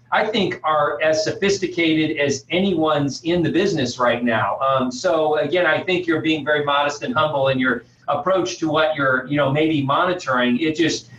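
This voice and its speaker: A man's voice: a little high, moderate pace, few pauses, fairly bright tone. A man moderates a panel, encouraging the speakers and leaning on plenty of fillers. He sits away from the mic, so his voice sounds dull and roomy, with a faint hiss behind it. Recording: distant dull echoey audio with faint hiss.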